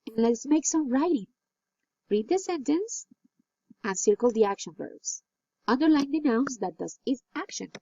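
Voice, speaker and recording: A woman teaching an English lesson, reading exercises slowly and clearly and praising answers. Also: high voice, mellow, no echo. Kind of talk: recorded classroom lesson. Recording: dull, lo-fi dry recording.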